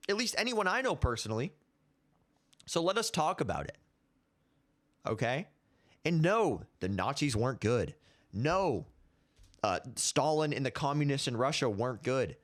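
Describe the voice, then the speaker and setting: Ranting young man with lively pitch. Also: normal speed. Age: 20s. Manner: heated, ranting, repeats himself. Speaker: commentary show host. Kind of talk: casual opinion commentary.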